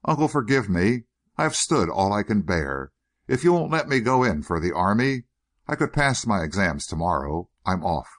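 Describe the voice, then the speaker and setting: An impulsive nineteen-year-old, as a man acts him out, straining against his elders in urgent, pleading bursts. The voice runs low but leaps around with agitation. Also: sing-song, normal speed, a bit bright.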